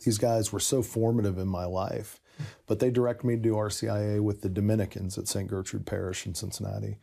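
A man telling the story of his conversion in a casual conversation, animated and laughing often. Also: on the low side, fairly quick, vocal fry, husky.

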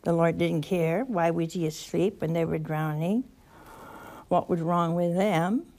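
A woman's voice: fairly low pitch, fairly even intonation, measured pace, warm tone. A woman giving a scripture teaching in a reflective manner, with wry little asides to her listeners. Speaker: religious teacher.

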